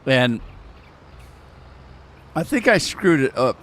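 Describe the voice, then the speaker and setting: A man's voice: medium pitch, very animated, takes it slowly, fairly bright tone. A man casually chatting through a gaming live stream, rambling, telling stories and laughing at his own jokes.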